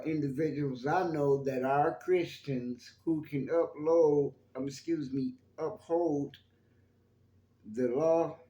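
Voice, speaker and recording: Man, rambling casual monologue, warm mellow tone, roomy echo. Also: fairly high pitch. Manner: rambling, chatty, addresses viewers as y'all. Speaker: YouTube channel host. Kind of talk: casual spoken monologue on faith.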